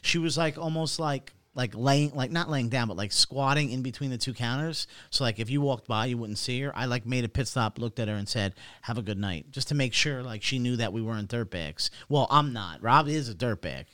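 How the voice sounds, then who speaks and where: A man's voice: medium pitch, brisk, few pauses, fairly bright tone. A man co-hosting a podcast, telling a rambling, profane story in casual chat and acting out the quotes. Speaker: podcast co-host.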